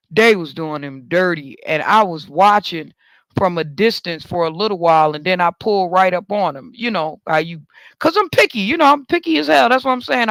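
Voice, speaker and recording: A man with a high, light voice spins a casual story as host of a talk show. He talks with animated swings, jumping higher when he jokes about himself. The sound is close and dry, with no room around it. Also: dry recording.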